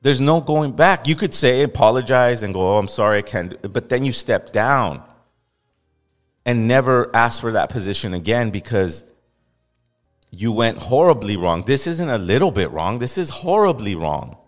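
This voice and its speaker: A man's voice: mid-range voice, expressive, moderate pace, in a large hall, soft background music. A man from Los Angeles hosting a podcast, giving blunt, heated commentary with repeated emphasis. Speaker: podcast host. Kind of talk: casual opinionated commentary.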